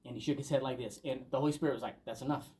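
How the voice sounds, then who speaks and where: A man's voice: medium pitch, steady tone, racing, warm tone. A man preaching a sermon as a pastor, talking conversationally and telling stories, building to emphatic peaks.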